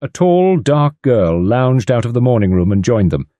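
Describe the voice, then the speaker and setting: A man narrating an audiobook in an expressive reading style. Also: mid-range voice, moderate pace, dry recording. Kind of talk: scripted narration. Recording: dry close studio sound.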